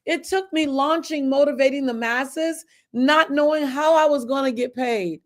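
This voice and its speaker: A woman's voice: sits high, moderate pace. A middle-aged woman, a motivational speaker, telling a personal story and addressing listeners by name. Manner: animated, talks to listeners by name. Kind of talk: storytelling to a live audience.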